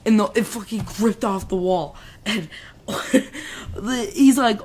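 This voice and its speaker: A woman's voice: medium pitch, measured pace. A woman casually telling a rambling story while playing a game, swearing, laughing and acting out the people in it. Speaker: gamer telling a school story.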